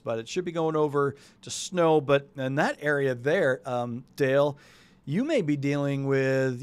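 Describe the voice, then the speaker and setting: A man's voice: medium pitch, clean tone. A man from New England hosting a weather show, talking loosely and chattily and thinking aloud as he walks through the forecast. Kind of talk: casual live weather talk.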